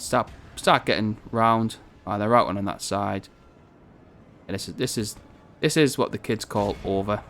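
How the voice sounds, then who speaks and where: A man's voice: lowish voice, creaky, a little hiss or hum. A man from northern England giving rambling, chatty commentary on a strategy game, swearing casually as he plays. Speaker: gaming video host.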